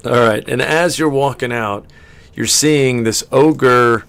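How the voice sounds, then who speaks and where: A man's voice: medium pitch, takes it slowly, a bit bright, smooth. A man narrating as game master of a tabletop game, rambling and often correcting himself.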